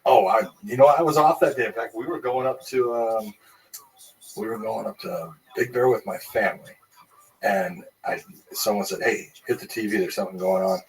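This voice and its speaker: A man with a very deep voice speaks as a former police officer. He recalls past cases calmly and matter-of-factly, sitting well away from the microphone. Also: moderate pace. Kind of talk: casual conversation. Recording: distant microphone.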